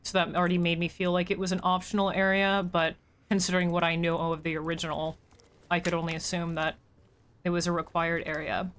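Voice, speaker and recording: A woman's voice: on the low side, level tone, brisk, a bit bright. Chatty woman streaming a game. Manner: chatty, thinking aloud, talks to chat. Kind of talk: casual gameplay commentary.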